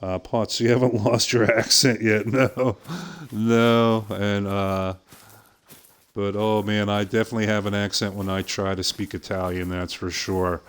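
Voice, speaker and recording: A middle-aged man from Pittsburgh with a softened Pittsburgh accent, casually chatting with viewers while streaming a hunting game, full of "uh" fillers and easy laughs. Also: on the low side, flat delivery, unhurried, clear, resonant tone. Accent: softened Pittsburgh American. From southwest Pennsylvania, USA. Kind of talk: casual live-stream commentary.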